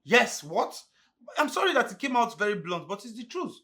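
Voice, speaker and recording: A man's voice: high voice, big pitch swings, normal speed, exaggerated voice. An actor with a Nigerian accent playing a proud young driver who lectures his boss bluntly. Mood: scolding. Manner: lecturing, scolding loudly. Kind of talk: Nollywood film acting.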